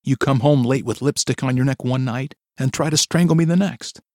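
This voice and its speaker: A man reading a story, voicing a distraught young wife who pleads and accuses in a high, strained voice. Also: sing-song, fairly quick, slightly rough, no room sound, clean studio sound. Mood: anguished.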